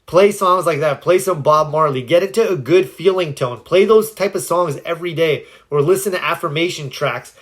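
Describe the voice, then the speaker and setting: A man's voice: fairly high pitch, moderate pace, hardly any pauses. A man giving earnest, encouraging self-help advice on a phone livestream, answering viewers' questions, his voice a little cracked. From United States. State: slightly cracked voice.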